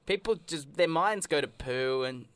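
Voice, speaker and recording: A man's voice: fairly high pitch, lively intonation, normal speed, a bit bright, smooth, no echo. Joking man, podcast co-host. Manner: joking, mock-boastful. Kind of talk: comedic podcast banter.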